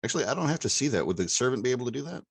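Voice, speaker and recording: A man playing a tabletop game, thinking aloud and asking quick rules questions. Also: mid-range voice, very animated, creaky, slight background noise. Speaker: player. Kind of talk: casual tabletop play.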